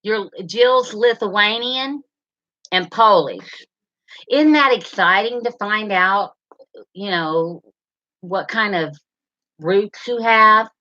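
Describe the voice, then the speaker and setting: A woman's voice: medium pitch, takes it slowly, long pauses, pushed and bright. A middle-aged woman, rambling as she chats with viewers and reads their comments in a live stream. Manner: chatty, rambling, addresses viewers by name. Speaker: livestream host. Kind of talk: casual live chat reading comments. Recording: slightly dull lo-fi sound.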